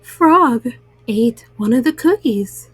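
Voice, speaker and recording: A woman reading bedtime stories aloud to young listeners, gentle and soothing. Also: on the high side, expressive, takes it slowly, breathy edge, no room sound. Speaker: storyteller.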